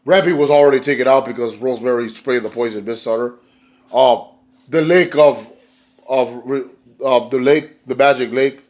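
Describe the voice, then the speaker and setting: This man reviews a wrestling show casually at a moderate pace, sounding excitable and profane. He rambles with filler words and switches to squeaky, high-pitched voices for quotes.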